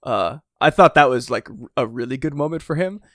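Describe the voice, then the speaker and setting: A man's voice: medium pitch, fairly quick, no room sound, clean studio sound. A man co-hosting a podcast in casual chat, rambling with many fillers and restarts and acting out quotes. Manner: acts out character quotes in lively voices. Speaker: podcast co-host.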